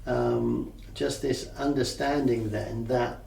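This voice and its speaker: A man's voice: medium pitch, steady tone, takes it slowly, vocal fry, a little mellow. A man coaching a group on mindfulness in a conversational way, often checking that they follow. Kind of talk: teaching a group session. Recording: echoey room, mic at a distance.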